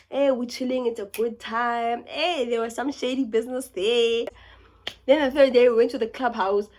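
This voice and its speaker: Fast-talking young South African woman. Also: on the high side. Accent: South African English. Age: young adult. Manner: fast, animated, dips into whispers and laughs. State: sick. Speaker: YouTuber. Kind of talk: casual storytelling vlog.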